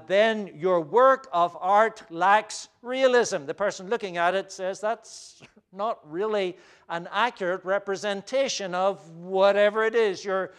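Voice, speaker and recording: Pastor, male, sermon delivery, slightly high and smooth voice, measured with frequent fillers. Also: a bit bright.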